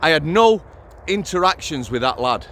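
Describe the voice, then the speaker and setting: A man's voice: fairly high pitch, sing-song, moderate pace, fairly bright tone, a little hiss or hum. A middle-aged man, a former prison officer telling stories to his channel in a blunt, sweary, conversational way, outdoors. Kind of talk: casual vlog storytelling.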